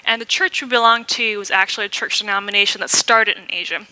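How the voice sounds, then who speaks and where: A woman's voice: medium pitch, fast, bright, forceful tone, no room sound, low-quality recording. A young adult woman from Malaysia, giving a candid, conversational sermon with frequent ums. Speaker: preacher. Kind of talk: personal sermon with slides.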